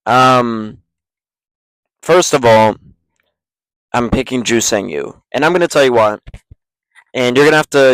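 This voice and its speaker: A man's voice: mid-range voice, a little slow, pauses often, fairly bright tone, clean tone, no echo, low-quality recording. A young man talks through fight picks for his MMA channel in a blunt, ranting way and swears freely. His voice sits in the middle of the range for a man. The recording is dry and close, with no room sound. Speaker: MMA YouTuber. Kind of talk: casual fight predictions.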